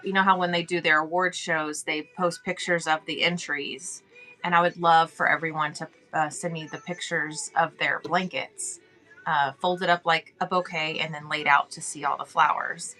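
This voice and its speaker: A woman's voice: deep voice, little pitch movement, moderate pace, sharp tone. Middle-aged woman, casual stream chat, laughs a lot, faint music. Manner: chatty, friendly, reads chat aloud, laughs often. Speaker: livestream host.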